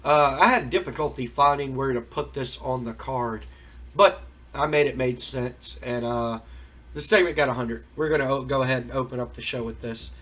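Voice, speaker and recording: A man's voice: mid-range voice, normal speed, a bit bright. A man hosting and narrating a simulation game in a rambling, colloquial way. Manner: rambling, colloquial storytelling with fillers. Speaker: game host.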